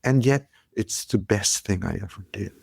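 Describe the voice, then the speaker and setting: Low gravelly male storyteller. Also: normal speed, dry recording, clean studio sound. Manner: animated storyteller, acts out quotes. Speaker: podcast guest, pediatrician. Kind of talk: conversational storytelling.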